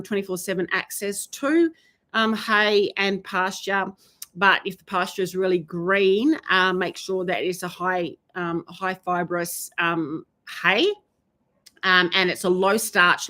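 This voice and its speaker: A woman horse trainer giving advice in a live Q&A, talking with many ums and pauses. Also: fairly low pitch, sharp tone. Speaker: horse trainer answering viewer questions. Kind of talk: live Q&A chat.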